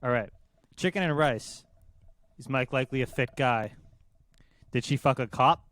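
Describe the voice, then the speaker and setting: A man's voice: medium pitch, normal speed, a bit bright. A young man co-hosting a casual podcast, offering crude, opinionated banter. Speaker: podcast co-host. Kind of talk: casual chat.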